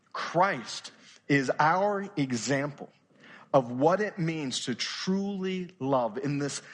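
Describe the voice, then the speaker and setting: Man, pastor, church sermon, high voice, earnest, quiet intense moments. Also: husky. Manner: earnest, questioning, often drops to a quiet, intense tone.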